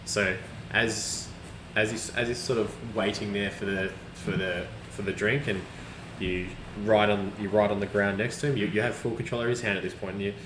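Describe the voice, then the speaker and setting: Low-voiced rambling game master. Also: male voice, fairly even intonation, moderate pace. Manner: rambling, with many restarts and fillers. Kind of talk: narrating a tabletop game. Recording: echoey room with background hiss.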